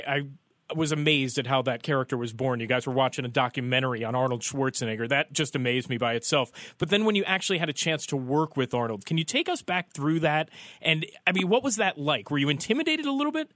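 A man's voice: a little high, animated, fast, fairly bright tone, no room sound, studio quality. A man hosting a radio talk show, asking his guest leading questions with enthusiasm. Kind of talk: radio interview.

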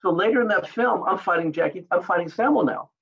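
A man, a martial artist and actor, telling animated anecdotes in an interview and acting out other people's lines. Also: high-pitched, fast talker, vocal fry, breathy edge, muffled recording. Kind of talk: storytelling interview.

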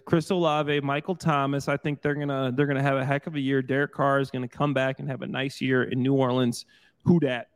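A man who played pro football, talking loosely and excitedly in bursts, with restarts, on a sports panel. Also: mid-range voice, a little fast, few pauses, clean tone. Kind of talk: casual sports chat.

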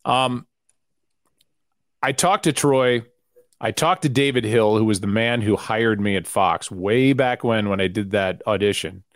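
A middle-aged man, a guest sportscaster, talking candidly in a casual podcast chat and telling stories with quick asides. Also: on the low side, no echo, clean studio sound.

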